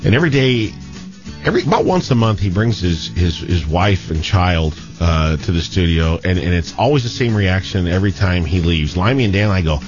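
A man's voice: low voice, animated, brisk, lo-fi sound, over music. A man hosting a radio talk show, joking with his co-hosts and often restarting his sentences. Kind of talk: casual sports radio banter.

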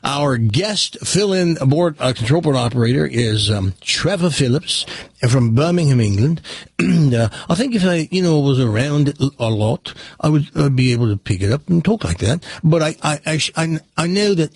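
A man's voice: fairly high pitch, lively intonation, moderate pace, a little mellow, breathy edge, dry recording. An American man hosting a radio talk show, joking and rambling with many restarts. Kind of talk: casual radio banter.

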